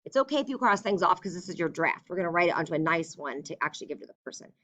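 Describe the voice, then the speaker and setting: A young woman teacher going through a writing lesson, dictating slowly and chatting in between. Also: lowish voice, lively intonation, fairly bright tone. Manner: slow and deliberate when dictating, chatty in between. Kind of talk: recorded classroom writing lesson.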